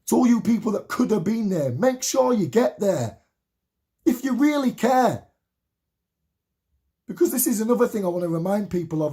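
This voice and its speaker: A man in his late thirties delivers an impassioned monologue to camera, full of swearing and repetition. His voice sits high for a man yet sounds warm and soft-edged rather than bright. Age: 30s. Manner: heated, swearing, repetitive rallying rant.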